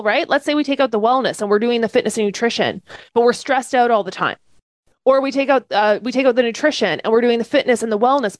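A woman's voice: a little high, dry recording. Upbeat woman teaching a fitness class. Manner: enthusiastic, checks in often with "okay?" and "right?". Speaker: fitness coaching instructor. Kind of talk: live online training class. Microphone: webcam setup.

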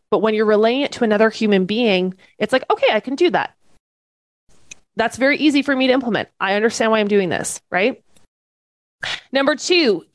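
A woman's voice: a little high, no echo. A woman leading a live online fitness-coaching training class from a webcam setup. She speaks with enthusiasm and keeps checking in with "okay?" and "right?".

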